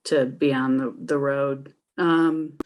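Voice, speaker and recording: Low-voiced, chatty woman. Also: fairly even intonation, slow pace, dull audio. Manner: friendly, chatty, laughs easily. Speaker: meeting member sharing. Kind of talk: casual share at a recovery meeting.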